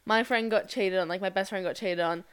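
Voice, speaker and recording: A woman's voice: mid-range voice, steady tone, a little fast, fairly bright tone, smooth, no room sound. A young woman co-hosting a podcast, rambling in casual chat, restarting sentences and swearing offhandedly. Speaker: podcast co-host.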